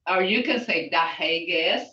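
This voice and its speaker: An older woman teaches a language class at an unhurried pace, breaking words into syllables between chatty asides. Her voice comes from some way off the mic in a roomy space, with a dull tone. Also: fairly low pitch, sharp tone, slight background noise. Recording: echoey, distant, dull sound.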